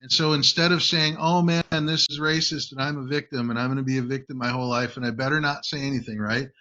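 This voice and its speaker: Host: man, bright forceful voice, emphatic coaching delivery, dull lo-fi recording. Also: medium pitch, steady tone, fast. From United States. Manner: emphatic, keeps checking in with "right?". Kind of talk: casual coaching talk. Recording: dull lo-fi audio.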